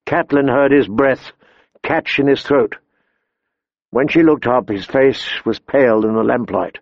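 A male audiobook narrator reading in a measured, expressive way at a mid pitch. The recording is dry and slightly dull, with no room sound. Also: gravelly, no echo. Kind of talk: scripted narration.

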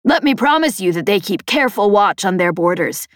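A woman voicing a loud, blustery older woman who captains a band of raiders, shouting high over the comm. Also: animated, brisk, no room sound, studio quality, lightly acted. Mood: warning.

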